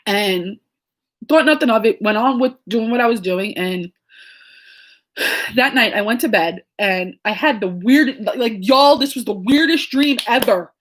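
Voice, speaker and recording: A woman in her late thirties telling a story in a casual vlog chat. She talks in a rambling, digressive way with lots of fillers, and her tone is soft and reflective. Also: fairly high pitch, measured pace. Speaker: crochet and knitting vlogger.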